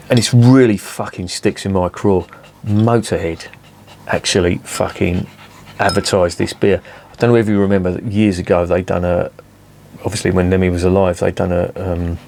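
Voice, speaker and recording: A man's voice: deep voice, steady tone, moderate pace, darkish tone, slight background noise. A man in his fifties reviewing beer in a casual, rambling, sweary chat full of digressions.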